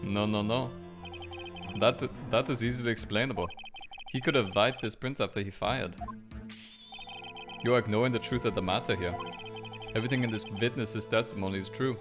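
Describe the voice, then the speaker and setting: A man voicing an arrogant older male prosecutor in a condescending, measured tone. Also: fairly low pitch, music in the background, close to an everyday voice. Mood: haughty.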